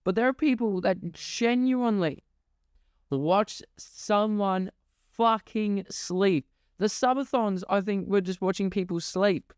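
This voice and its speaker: A man's voice: sits high, slow pace, clear, resonant tone, dry recording, clean studio sound. A young man, ranting sarcastically and swearing constantly on his podcast. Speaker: podcast host. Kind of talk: ranting monologue.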